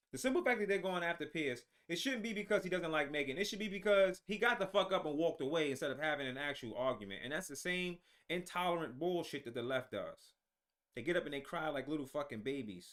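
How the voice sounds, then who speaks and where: A man's voice: fairly high pitch, animated, quick pace, fairly bright tone. A man hosting his own show, delivering heated, profane political commentary with frequent restarts. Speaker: show host.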